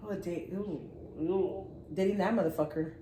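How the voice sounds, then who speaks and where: A woman's voice: lowish voice, moderate pace, warm tone, a little hiss or hum. A woman telling stories in a casual chat, laughing often and swearing freely. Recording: echoey room.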